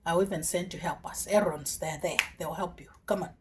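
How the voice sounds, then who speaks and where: A calm, firm God who speaks softly with quiet authority, as a woman preacher puts him on. The voice sits somewhat low. Its reassurance is steady and unhurried. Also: background noise, lightly acted. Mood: reassuring. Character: calm, commanding God, male.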